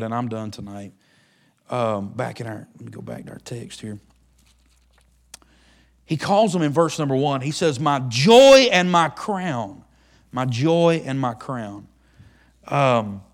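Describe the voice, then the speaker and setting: A man preaching a sermon in a folksy, emphatic way, swinging from loud to hushed. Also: mid-range voice.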